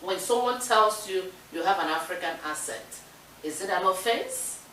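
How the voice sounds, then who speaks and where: A woman co-hosting a casual talk show, lively and affirming, handing the floor to her friend. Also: mid-range voice, normal speed. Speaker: co-host. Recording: distant, echoey room with faint noise.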